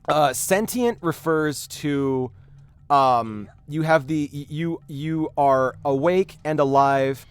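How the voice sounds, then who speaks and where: A man with a smooth, somewhat high voice speaks slowly as he hosts a game stream. His storytelling is animated yet rambling, with many fillers and restarts in the casual chat.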